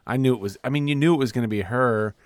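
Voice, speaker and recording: A man co-hosting a podcast, chatting casually, animated, acting out scenes in put-on voices and swearing freely. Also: medium pitch, fast talker, no room sound. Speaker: podcast co-host. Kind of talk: casual chat.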